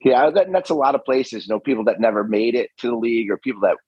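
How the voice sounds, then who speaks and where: Man, podcast co-host, laid-back storyteller, husky low voice, slightly dull recording. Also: lively intonation, fast talker. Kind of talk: casual chat.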